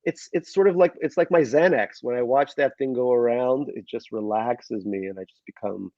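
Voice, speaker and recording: Dark-voiced chatty man, muffled audio. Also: medium pitch, normal speed, dry recording. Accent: slight Queens New York. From Russia. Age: middle-aged. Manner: chatty and self-deprecating, with many fillers. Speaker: author guest. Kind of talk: conversational interview. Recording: dull lo-fi sound.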